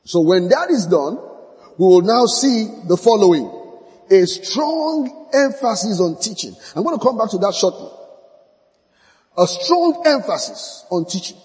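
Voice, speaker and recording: A man's voice: sits high, very animated, measured pace, a little mellow, in a large hall, poor audio. A man preaching a sermon with emphasis, repeating key phrases and acting out short dialogues with church members.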